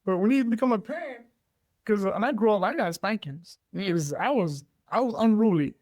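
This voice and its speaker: A man's voice: high voice, moderate pace, no room sound. A middle-aged man hosting a podcast, chatting casually and joking about his own parenting. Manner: relaxed, joking, chuckles through his stories. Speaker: podcast host. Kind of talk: casual chat.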